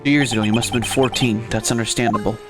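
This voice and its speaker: A man voicing a composed, weary woman prosecutor, in low, measured tones during a game let's-play. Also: steady tone, lightly acted. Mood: calm. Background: loud game music.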